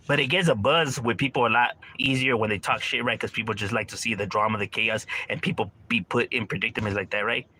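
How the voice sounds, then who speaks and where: A man's voice: lowish voice, brisk, pushed and bright, slight background noise. A man chatting casually on a livestream, rambling in slang, swearing freely and calling listeners bro and homie. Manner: swears freely, laughs often. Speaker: livestreamer reading chat.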